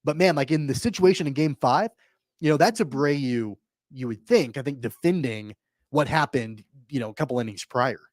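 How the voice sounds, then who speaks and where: A man's voice: medium pitch, normal speed, no echo, clean studio sound. Hesitant male sports radio co-host. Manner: hesitant, restarting, conciliatory. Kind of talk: sports talk debate.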